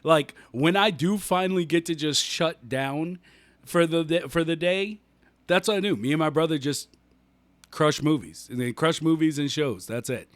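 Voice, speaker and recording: A man's voice: a little high, normal speed, no room sound. A man co-hosting a casual podcast chat, talking emphatically, restarting his phrases, and laughing often. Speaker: podcast co-host.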